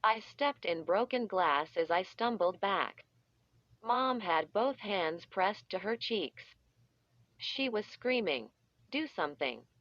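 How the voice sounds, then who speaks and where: A woman narrates a children's story slowly and deliberately, drawing out each sound effect. Her voice sits at a middle pitch, and the recording is dry and a little muffled. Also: expressive, a bit bright, dry recording. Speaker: audiobook reader. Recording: dull, slightly muffled audio.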